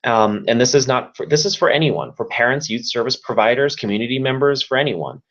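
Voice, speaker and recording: A man's voice: medium pitch, a little fast, fairly bright tone, highs cut off. A man who works as a youth service provider, giving a webinar talk in an earnest, repetitive way and offering practical tips. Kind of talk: webinar presentation.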